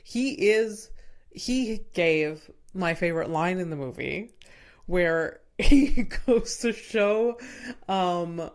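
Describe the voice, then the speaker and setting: A woman's voice: lowish voice, slow pace. A woman hosting a podcast in casual chat, retelling movie scenes with lots of laughter. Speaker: podcast host.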